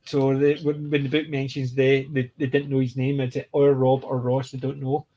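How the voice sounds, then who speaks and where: A man's voice: mid-range voice, monotone, moderate pace, mellow, dull audio. A man chatting casually about a TV show, rambling and restarting his sentences. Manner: rambling, restarts often, laughs while retelling jokes. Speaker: podcast co-host. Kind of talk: casual TV discussion.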